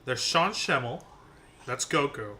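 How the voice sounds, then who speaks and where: A tired young man streaming a game, chatting with viewers in an excitable, rambling way and swearing now and then. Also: mid-range voice, unhurried, a little hiss or hum. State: tired, short on sleep. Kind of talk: casual live-stream chat while gaming.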